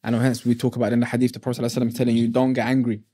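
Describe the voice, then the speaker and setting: A man's voice: mid-range voice, completely flat delivery, racing, dark tone. A man hosting a casual interview, talking in a reflective, preachy way with street slang. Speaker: podcast host.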